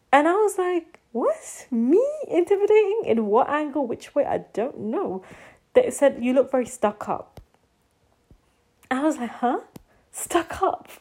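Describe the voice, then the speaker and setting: A woman's voice: fairly high pitch, a little mellow. Rambling young woman vlogger, chatty. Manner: rambling, full of "like" and "you know". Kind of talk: casual confessional monologue.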